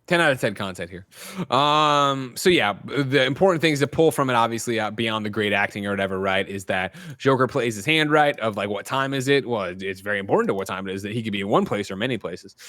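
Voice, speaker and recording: A man's voice: lowish voice, expressive, quick pace, fairly bright tone, no room sound, studio quality. A young adult man co-hosting a casual podcast, recapping film scenes at length in a loose, profane way. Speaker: podcast co-host. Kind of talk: casual film review chat.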